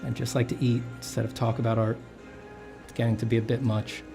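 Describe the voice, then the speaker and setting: A man's voice: medium pitch, little pitch movement, a little fast, creaky, music in the background, lightly acted. A man voicing an obsequious male restaurant waiter who fawns over a customer and keeps saying "sir.". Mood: politely weary. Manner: fawning, over-polite, repeats "sir".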